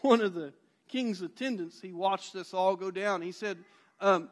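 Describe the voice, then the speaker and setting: A man's voice: high voice, normal speed. A male pastor retelling a Bible story in a sermon, animatedly acting out the characters' voices.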